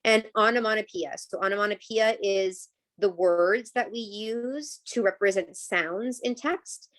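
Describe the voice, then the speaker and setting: Female teacher, online class on a video call, patient explainer, mid-pitched, keeps asking "right?". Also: unhurried, fairly bright tone.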